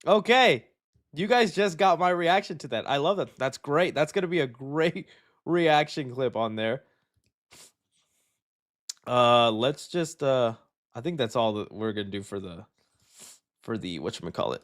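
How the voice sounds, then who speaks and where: A young man hosting a live show, chatting casually and reacting loudly, calling his viewers "dude.". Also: medium pitch, measured pace, pauses often. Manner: excitable, loud reactions, says "dude" a lot. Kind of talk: casual livestream chat.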